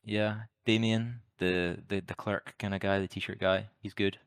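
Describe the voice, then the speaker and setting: A podcast co-host chats casually about films, offering wry, opinionated takes and dry, sarcastic jokes. His smooth, lowish voice stays flat in pitch at a measured pace, with no room sound.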